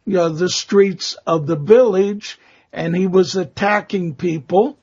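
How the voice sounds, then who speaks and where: Male interview guest: high-pitched for a man, husky and gravelly, slow and halting delivery, muffled lo-fi sound. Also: steady tone, a little mellow. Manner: slow, halting, many fillers. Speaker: guest expert on vampire lore. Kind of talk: conversational storytelling interview. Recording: muffled lo-fi audio.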